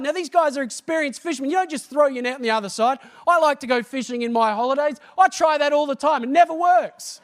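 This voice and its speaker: A man preaching a sermon, animated and often asking the congregation questions. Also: extremely high pitch, quick pace, few pauses.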